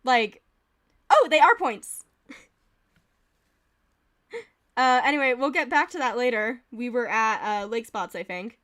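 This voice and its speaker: A woman's voice: fairly high pitch, a little slow, pauses often, fairly bright tone. A woman streamer giving casual, giggly commentary as she reads game events aloud.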